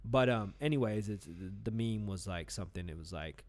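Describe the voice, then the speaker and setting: A man's voice: on the low side, a little fast, darkish tone. A man in casual podcast talk, rambling with lots of restarts and fillers. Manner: burps mid-talk. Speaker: podcast co-host. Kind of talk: casual chat.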